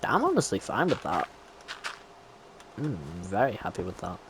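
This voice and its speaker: A man's voice: fairly low pitch, wildly swooping pitch, moderate pace, vocal fry, noisy background. A man giving chatty running commentary to himself as he plays a game. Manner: chatty running self-talk. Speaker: gameplay streamer. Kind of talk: casual gameplay commentary.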